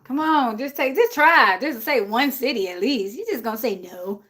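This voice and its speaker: Chatty, lively New woman livestreaming. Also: a little high, normal speed. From Jersey City, USA. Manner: chatty, talks to her dog and chat viewers. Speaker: livestream host. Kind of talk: casual live-stream chat.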